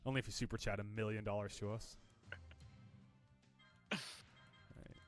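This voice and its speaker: A man's voice: fairly low pitch, level tone, normal speed, faint music behind. A man co-hosting a podcast in casual chat, rambling and teasing with dry humor. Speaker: podcast co-host.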